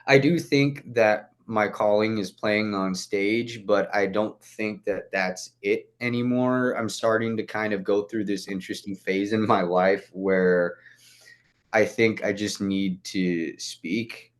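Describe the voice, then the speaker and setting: A man's voice: on the low side, fairly even intonation, takes it slowly. A young man chatting as a podcast guest, rambling with lots of "like" fillers and casual swearing. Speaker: guest musician.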